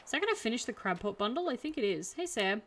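A woman's voice: on the high side, big pitch swings, fast, fairly bright tone, a little hiss or hum. Chatty young woman streamer. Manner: chatty, exasperated storytelling with swearing. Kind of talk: casual gameplay chat.

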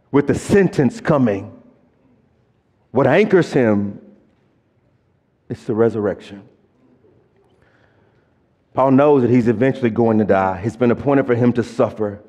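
A middle-aged man, a pastor preaching a sermon and swinging between quiet, low passages and loud, emphatic lists. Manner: preaching with rising and falling intensity, stressing word lists. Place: church sanctuary. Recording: long church hall reverb.

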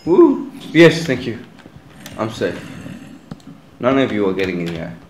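A man's voice: lowish voice, lively intonation, unhurried, reverberant, slight background noise. A young man giving casual, chatty commentary while he plays a video game, talking straight to his viewers. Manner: chatty, talks to viewers as guys. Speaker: gaming channel host.

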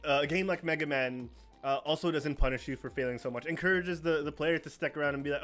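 A man co-hosting a casual podcast about games, talking in halting phrases and reading out the chat. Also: a little high, fairly bright tone, faint music behind. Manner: hesitant, many fillers and restarts, reads chat aloud. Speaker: co-host.

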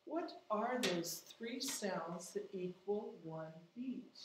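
A woman's voice: medium pitch, expressive, slow pace, noisy background. A woman teaching a music lesson to children at home, patiently explaining and counting out rhythm syllables. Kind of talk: distance-learning music lesson. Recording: echoey room, mic at a distance.

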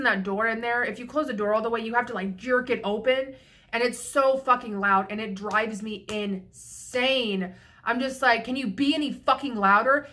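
Sounding slightly tipsy, a young woman vlogs to camera, venting frankly and with plenty of swearing. Her bright, sharp voice sits a bit high, and she rambles casually, restarting herself partway through sentences.

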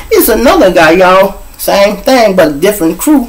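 A man's voice: high voice, sing-song, normal speed, few pauses, rough recording. A middle-aged man, hosting his show and telling street stories animatedly, acting out scenes with sound effects and voices. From Chicago. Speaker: show host and storyteller. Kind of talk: street storytelling monologue.

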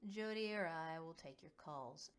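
A woman voicing a kindly, commanding male general who speaks in a steady, reassuring rumble. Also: a little slow. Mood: warm commanding.

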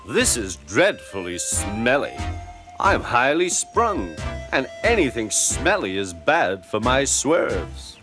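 A man's voice: mid-range voice, very animated, slow. A man voicing a vain, fussy female diesel railcar who talks in a haughty, complaining way, with music underneath. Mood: disdainful.

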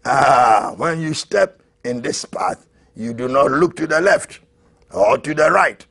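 A man preaching a fiery sermon as an apostle, who shouts, repeats his lines and laughs between them. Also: medium pitch, expressive, slow pace, vocal fry, husky.

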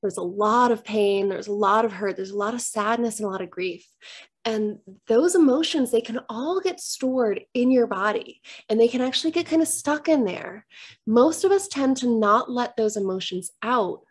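A middle-aged woman who works as a divorce coach, talking candidly and gently to the camera from a room at home. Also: fairly high pitch, lively intonation, moderate pace, slightly rough. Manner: earnest, gentle, reflective.

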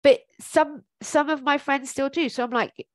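A woman's voice: high-pitched, fairly even intonation, normal speed, dry recording. A woman giving informal coaching advice, chatty and encouraging, thinking aloud with plenty of ums. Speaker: life coach.

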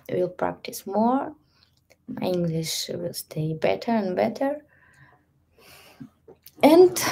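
A woman with a Russian accent chatting casually on a live stream as a stretching coach, in halting English with soft whispered asides. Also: mid-range voice, creaky, a little hiss or hum. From Ukraine.

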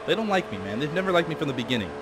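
A man's voice: a little high, big pitch swings, very fast, noisy background. A man hosting a casual racing-game commentary, joking and laughing with a co-host. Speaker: gaming channel host.

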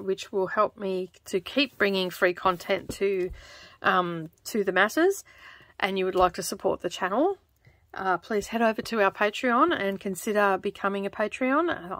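An Australian woman chatting casually as she stitches, rambling and laughing often, keeping her voice lowered toward a close microphone in her home craft studio. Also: a bit bright, dry recording. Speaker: craft vlogger. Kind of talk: casual chat while stitching. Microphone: close microphone in front of her.

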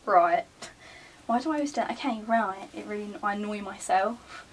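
In her bedroom next to the wardrobe, a young woman vlogs casually, chatting and muttering asides to herself as she sorts her clothes. Her pitch is medium and her speed normal. The mic is distant, with slight background noise.

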